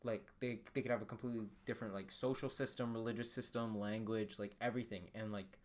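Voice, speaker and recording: A man's voice: fairly low pitch, fairly even intonation, fast talker. A young man hosting a podcast, chatting casually in a rambling way, full of fillers, swearing and laughter. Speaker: podcast host. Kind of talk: casual chat.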